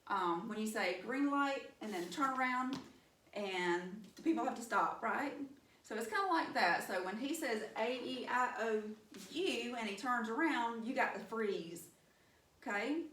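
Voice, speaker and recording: A woman's voice: on the high side, expressive, a little slow, fairly bright tone, reverberant, far from the mic, slight background noise. A woman with a Southern US accent teaching young children a phonics lesson, upbeat and encouraging. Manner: upbeat, encouraging, addresses class with y'all. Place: classroom.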